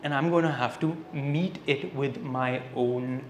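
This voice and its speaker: A man giving a public spiritual lecture, telling stories with a lively delivery and dropping in Hindi phrases. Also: medium pitch, measured pace. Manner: lively storyteller, switching between English and Hindi phrases. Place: lecture hall, indoors. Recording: echoey hall with faint noise.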